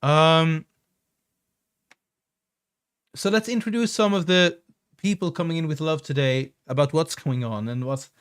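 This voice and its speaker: A young man streaming live, chatting casually and earnestly, rambling a little as he thanks viewers one by one. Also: fairly high pitch.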